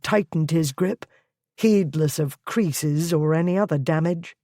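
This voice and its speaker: An audiobook narrator giving a measured, even scripted reading of a historical romance. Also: medium pitch, no room sound, clean studio sound.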